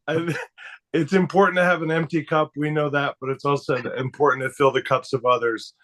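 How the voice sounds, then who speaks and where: A man's voice: fairly high pitch, level tone, a little fast, a bit bright. A man speaking on a video call who laughs often and jokes about himself while giving emotional thanks. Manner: giggly, emotional, self-deprecating. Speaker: participant.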